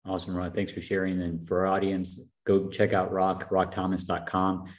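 A man's voice: low-pitched, completely flat delivery, moderate pace. A man hosting a podcast interview, enthusiastic and full of praise for his guest. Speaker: podcast host. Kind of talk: casual interview talk.

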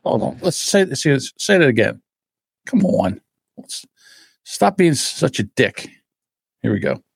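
A man hosting a podcast, telling animated stories, swearing freely and laughing as he talks. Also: medium pitch, measured pace, gravelly, slightly rough, dry recording, clean studio sound. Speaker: podcast host. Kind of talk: casual storytelling and commentary.

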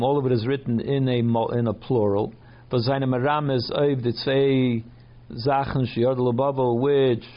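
A man teaching a religious text in a measured, mid-pitched voice, stopping to translate each Yiddish or Hebrew phrase into English. His delivery is halting and full of restarts. The recording sounds dull and slightly muffled. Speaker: Torah teacher.

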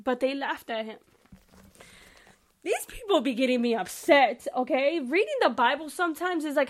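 Speaking straight to her listeners, a young podcast host reads Bible passages and reacts in a casual, emphatic, animated way. She has a high voice and talks at a normal speed.

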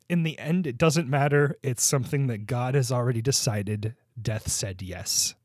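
A man's voice: medium pitch, normal speed, few pauses, a little mellow, no room sound, clean studio sound. A man co-hosting a podcast in casual chat, rambling and self-deprecating, swearing freely. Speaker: podcast co-host.

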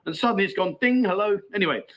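A man's voice: sits high, lively intonation, very fast, a bit bright. A middle-aged man, hosting a casual livestream and bantering cheekily with viewers as he reads out their comments. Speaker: livestream host.

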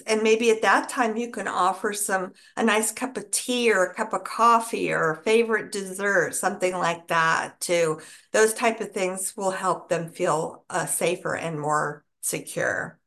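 A woman teaching caregivers in a calm instructional talk, with a repetitive, reassuring coaching manner. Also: medium pitch, measured pace. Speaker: dementia care educator.

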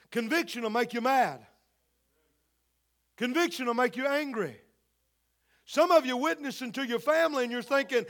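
Very high-voiced impassioned male preacher. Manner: impassioned, swings from hushed to shouting; repetitive, with frequent "uh" fillers. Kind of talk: sermon.

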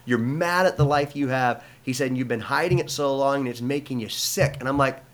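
A man's voice: mid-range voice, a little fast. A middle-aged man from the United States, a pastor, telling his personal testimony in an interview, earnest and full of restarts and fillers.

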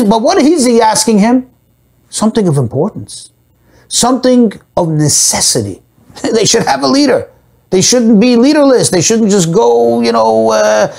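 A man teaches a Torah class with a voice that swings widely up and down in pitch. He keeps posing rhetorical questions and then answering them himself. His English is full of Hebrew and Yiddish terms. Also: vocal fry. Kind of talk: Torah class explaining a text.

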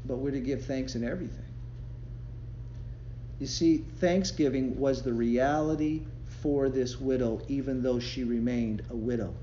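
A man's voice: medium pitch, normal speed, warm tone, a little hiss or hum. A man giving a conversational devotion sermon, telling stories and laughing along the way. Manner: conversational, storytelling preaching with laughs. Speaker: devotion speaker. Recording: roomy, slightly dull recording with faint ambience.

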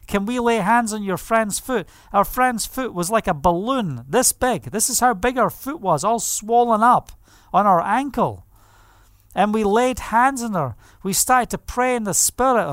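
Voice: mid-range voice, animated, a little slow, a bit bright, no room sound, studio quality. A preacher giving a fervent testimony sermon, telling stories vividly. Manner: vivid storytelling, acts out quoted voices, fervent.

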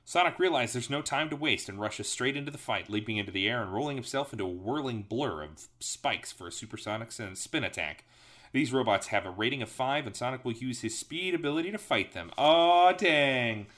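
Man, game master, reads a gamebook aloud, bright crisp voice, casual and joking. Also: medium pitch, expressive, a little fast. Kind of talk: reading an interactive gamebook aloud.

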